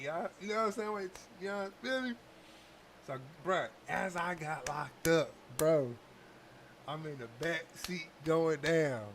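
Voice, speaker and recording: Guy talking aave, storytelling loose and slangy, kinda high voice, little background hum. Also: fairly bright tone. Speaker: podcast host. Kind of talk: casual storytelling talk.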